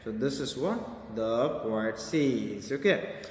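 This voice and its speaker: A man's voice: mid-range voice, animated, slow pace, a little mellow, slight background noise. A man teaching a poem to a class, explaining simply and repeating key words. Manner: explains simply, repeats words, says okay and right often. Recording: roomy echo with long reverb.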